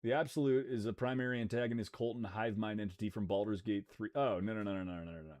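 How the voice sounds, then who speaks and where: A male streamer talks quickly in a slightly mellow voice whose intonation stays fairly even, even as he gets rowdy, profane, and jokey with viewers and bursts into rants where his pitch jumps. Dry, studio-quality recording.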